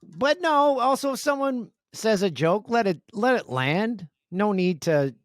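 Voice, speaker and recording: A man from Canada, a sportscaster guest on a podcast, telling stories in an animated way and laughing easily. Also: high voice, dry recording, clean studio sound. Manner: animated, storytelling, quick to laugh. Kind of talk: casual interview chat.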